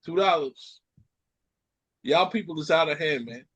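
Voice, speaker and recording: A Caribbean man hosting a podcast, ranting in an animated way and repeating lines for effect. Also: fairly high pitch, unhurried, slightly rough. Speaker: podcast host. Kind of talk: casual chat.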